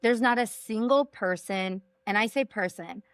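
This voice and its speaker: A woman's voice: mid-range voice, moderate pace, clear, resonant tone, dry recording. A woman from Texas, a sales coach, talking emphatically in a podcast interview and repeating her points for punch. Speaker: executive coach and sales trainer, guest.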